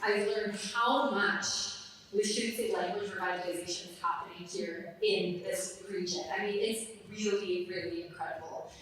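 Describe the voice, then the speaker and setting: A woman's voice: mid-range voice, fairly even intonation, normal speed, a bit bright, a little hiss or hum. A woman hosting a live event, speaking gratefully with many fillers. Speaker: event host. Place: large hall. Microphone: distant room mic. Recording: echoey hall from far off.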